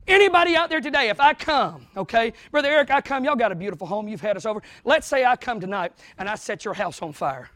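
A male pastor preaching a sermon in church, swinging between quiet asides, acted-out quotes and sudden loud bursts. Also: very high-pitched, animated, fast talker, no echo.

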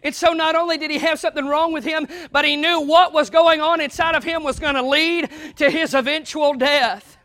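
Fiery male pastor, very high and bright voice, dry close sound; swings from soft asides to shouting. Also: dry recording. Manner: impassioned, swinging from quiet asides to shouted declarations. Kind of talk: sermon.

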